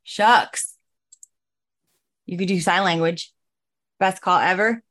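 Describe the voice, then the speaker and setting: A woman's voice: fairly low pitch, slow, a bit bright. A woman hosting an online training call, upbeat and chatty, speaking through a computer mic. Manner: upbeat, chatty, flustered by tech trouble.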